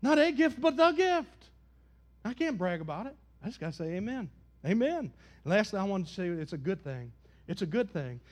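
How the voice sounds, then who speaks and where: A man preaching a sermon, swinging between loud, rising calls and quiet, dry asides. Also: sits high, lively intonation, fairly quick. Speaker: pastor.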